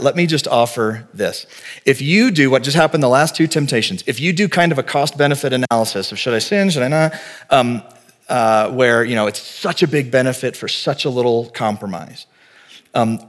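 Male pastor in his forties, mid-pitched voice, preaching in a casual, earnest way with lively story asides. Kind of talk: sermon.

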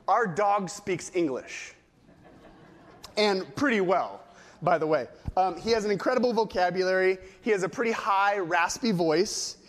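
A middle-aged male pastor delivers a sermon with a notably high voice. He moves through stories and acted-out quotes. The sound carries a long reverb, as in a large church hall.

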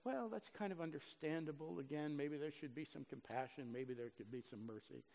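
Pastor, male, high voice, earnest sermon delivery with loud and hushed stretches, church hall reverb. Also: a little fast, creaky. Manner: earnest, swings from loud emphasis to soft and low.

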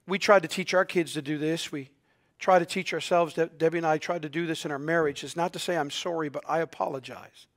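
A male pastor preaching a sermon earnestly, often dropping to a hushed, quiet delivery. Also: fairly high pitch, fairly even intonation, brisk.

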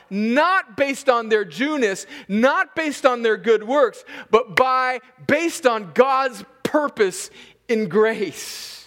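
A man preaching an expository sermon as a pastor, slowing down to stress key words and chuckling between points. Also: high-pitched, a bit bright. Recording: long reverb of a large hall.

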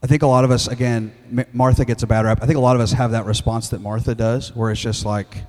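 A man in his thirties preaching a sermon as a pastor, candid and halting, with frequent restarts and fillers. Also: mid-range voice, level tone, darkish tone. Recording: long hall reverb.

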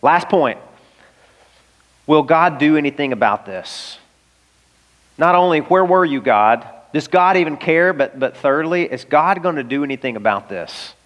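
A man's voice: fairly high pitch, lively intonation, a little slow, fairly bright tone. A male pastor preaching a sermon in an earnest, emphatic way, asking the listeners rhetorical questions. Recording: long reverb of a large hall.

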